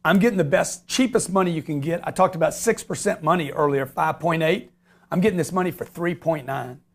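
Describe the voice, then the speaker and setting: A man hosting a call-in radio show, pitching deals in a fast, animated way and acting out his conversations.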